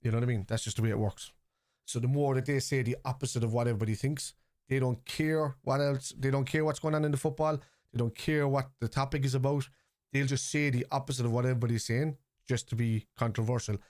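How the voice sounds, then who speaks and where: A man with a Liverpool accent talks loosely and rambles as he hosts a live football watchalong. He reads chat messages aloud and is quick to scoff at critics. His voice sits at a middling pitch and is recorded close and dry. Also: fairly even intonation, a little mellow, dry recording. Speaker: live-stream watchalong host. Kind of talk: casual live-stream chat.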